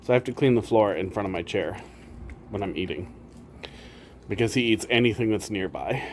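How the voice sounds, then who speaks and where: A man's voice: fairly low pitch, animated, fairly quick, a little hiss or hum. A man streamer chatting casually, teasing his pets and laughing often. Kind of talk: casual chat.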